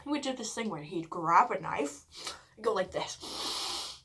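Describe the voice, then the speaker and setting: A woman talks slowly through a story between bites, her bright, sharp-edged voice full of "like" and casual swearing. She sinks into hushed whispers when the story turns dramatic. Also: medium pitch, lively intonation, husky. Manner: chatty, swears often, fills speech with "like". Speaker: mukbang vlogger. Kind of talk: casual storytelling while eating.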